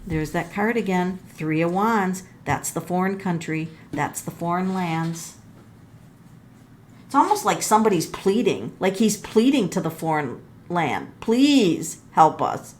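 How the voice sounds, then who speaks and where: Middle-aged woman tarot reader, chatty, exclaims at each card, mid-pitched voice. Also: a little hiss or hum. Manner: animated, exclaims and gasps at the cards, thinks aloud; talks straight to viewers as folks. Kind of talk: casual tarot reading to camera.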